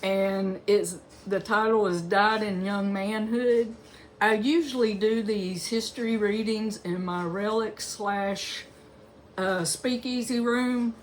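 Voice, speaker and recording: A woman's voice: mid-range voice, a little hiss or hum. A woman, reading a local history book aloud in a chatty way, with asides and self-corrections. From Alabama, US.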